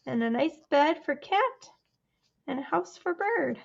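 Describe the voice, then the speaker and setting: A woman librarian reading a picture book aloud to children, chatty and animated, asking them questions along the way. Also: high voice, unhurried, creaky, muffled recording. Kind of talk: storytime read-aloud for children.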